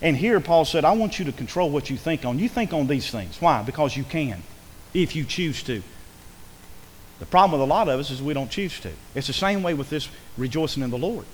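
Animated preacher in a reverberant hall. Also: male voice, on the high side, a little hiss or hum. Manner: animated, conversational preaching with quick asides and acted quotes. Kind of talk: sermon. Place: church sanctuary.

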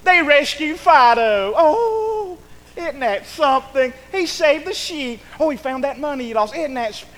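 Man doing a mocking crowd, high cooing voice, sing-song, swooping pitch. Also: lively intonation, a little slow, a bit bright, big-room sound, exaggerated voice. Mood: mock gushing. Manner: high, breathy, cooing mockery.

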